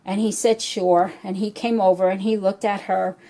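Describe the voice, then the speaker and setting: A woman's voice: medium pitch, steady tone, mellow. A middle-aged woman hosting her own vlog channel, telling a personal story in a heartfelt, slightly choked-up way. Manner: slow, heartfelt, a little choked up. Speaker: reborn doll artist and channel host.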